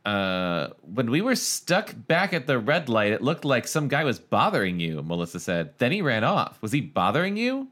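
A man's voice: medium pitch, normal speed, few pauses. A man co-hosting a podcast, reading aloud and joking, laughing often. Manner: animated, laughs often, jokes over the reading. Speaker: podcast co-host. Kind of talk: casual chat and read-aloud.

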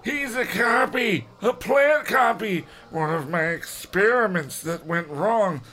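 A man doing a frantic shouting scientist dad. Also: high voice, animated, pitched above the performer's own voice, exaggerated voice. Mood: alarmed. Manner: slow, shouted dramatic delivery. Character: alarmed scientist father shouting warnings.

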